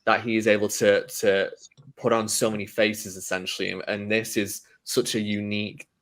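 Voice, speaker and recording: A young man hosts a casual film podcast, his voice sitting a little low. He talks with eager enthusiasm, wandering through thoughts with plenty of "you know"s and "like"s. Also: flat delivery, normal speed, a bit bright. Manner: enthusiastic, rambling with many fillers. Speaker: podcast host.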